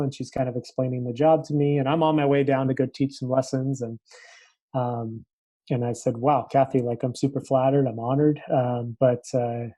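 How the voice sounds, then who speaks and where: A young adult man, a tennis coach, telling a story in a casual interview and acting out the dialogue with animated switches of voice. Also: mid-range voice, dry recording, low-quality recording. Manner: animated, acts out quoted dialogue. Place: Los Angeles area.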